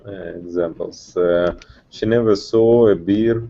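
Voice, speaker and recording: A man with a Russian accent, a student in an online English lesson, speaking haltingly with many restarts. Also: lowish voice, fairly even intonation, warm tone, muffled recording.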